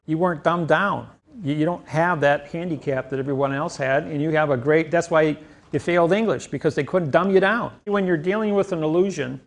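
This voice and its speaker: A man's voice: a little high, vocal fry. A middle-aged man lecturing an audience, explaining his ideas emphatically and speaking to them directly. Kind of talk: lecture on language and law.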